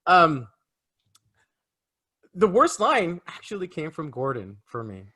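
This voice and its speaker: A man's voice: fairly high pitch, very animated, slow pace, sharp tone, breathy edge. A man co-hosting a casual film review podcast, ranting emphatically about a movie. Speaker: podcast co-host.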